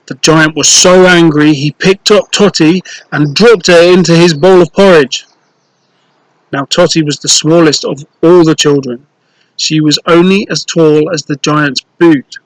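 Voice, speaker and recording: A man reading a children's storybook aloud, slow, clear and playful, with rhymes. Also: fairly high pitch, no echo, rough recording.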